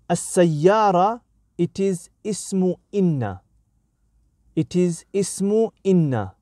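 A man giving a grammar lesson at an unhurried, measured pace, his voice mellow and low in brightness. He works through the explanation in short, careful phrases. The sound is dry and close, with no room echo. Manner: slow, deliberate, breaks sentences into short phrases. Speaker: Arabic grammar teacher.

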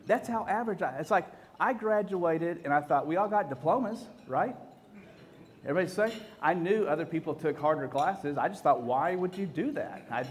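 A man, telling stories to an audience in a joking, self-deprecating way, full of restarts and acted-out quotes. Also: on the high side. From Texas. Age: 50s. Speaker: speaker. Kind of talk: storytelling talk to an audience.

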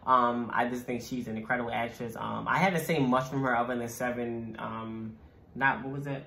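A man's voice: medium pitch, steady tone, fairly quick, creaky, fairly bright tone, roomy sound, slight background noise. A man co-hosting a video reaction channel, chatting casually with many ums. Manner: laid-back, many ums. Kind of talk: casual chat.

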